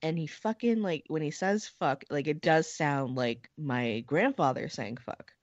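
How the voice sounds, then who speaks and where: A woman's voice: deep voice, a little slow, dry recording, lo-fi sound. A woman co-hosting a podcast in casual chat, rambling with lots of fillers and casual swearing. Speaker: podcast co-host.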